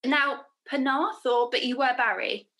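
A woman host with a slight lisp who speaks in a higher-pitched voice. She is gushing and enthusiastic, reads her introduction from a script and then moves into casual, self-deprecating chat. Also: unhurried, fairly bright tone. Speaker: podcast host.

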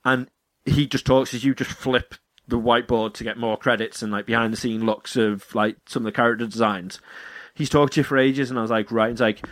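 Casting note: chatty man telling rambling stories, mid-pitched voice, swears a lot, jumps into silly voices. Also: fairly even intonation, a little fast, hardly any pauses, fairly bright tone, no room sound. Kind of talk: casual chat.

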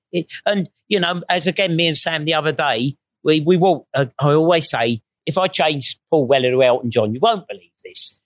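A man's voice: a little high, fairly bright tone, dry recording. A man with a slightly raised voice tells stories in a loose, sweary way, slipping into quoted voices as he goes. The sound is dry and close, with no room around it. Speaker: guest. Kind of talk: casual storytelling chat.

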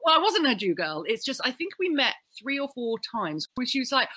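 Woman, 30s, casual chat, bright, lively storytelling. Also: fairly high pitch, fast, few pauses, no echo. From South Africa. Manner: animated, laughs often. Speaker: comedian guest.

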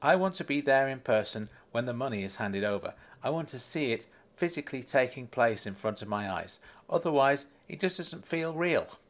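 A man's voice: medium pitch, lively intonation, normal speed, few pauses, lightly acted. A man voicing a firm, insistent wealthy businessman in a storybook reading. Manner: blunt and insistent.

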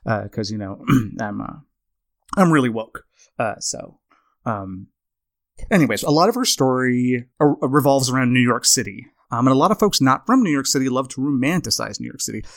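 Guy hosting a comedy podcast, rambly and self-mocking, mid pitch, dry sound. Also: expressive, moderate pace, creaky, no echo. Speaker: podcast host.

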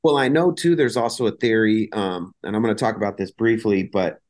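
Laid-back low-voiced man chatting. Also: brisk, a little mellow. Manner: laid-back, rambling storyteller. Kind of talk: casual chat.

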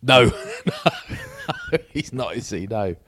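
A man's voice: fairly low pitch, animated, unhurried, a bit bright, a little hiss or hum. A man in his forties co-hosting a podcast, telling rambling, self-mocking anecdotes in casual chat. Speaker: podcast co-host.

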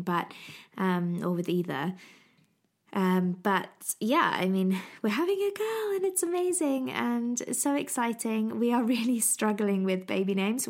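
A woman's voice: mid-range voice, creaky. A young woman hosting a podcast in a casual, chatty way, gushing and often repeating herself. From England. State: pregnant. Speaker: podcast host. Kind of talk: casual chat.

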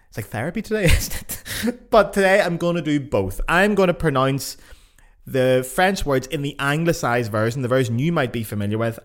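A Northern Irish man talking straight into a podcast mic in a loose, unscripted monologue. He is blunt and swears freely. He pokes fun at himself with a dry edge, at a medium pitch. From Northern Ireland. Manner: blunt, sweary and self-mocking. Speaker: podcast host.

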